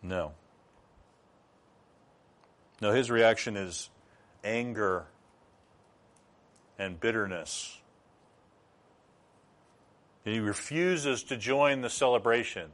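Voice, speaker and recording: A man's voice: fairly low pitch, very slow, pauses often, fairly bright tone. A middle-aged man preaching a sermon as pastor, teaching through rhetorical questions.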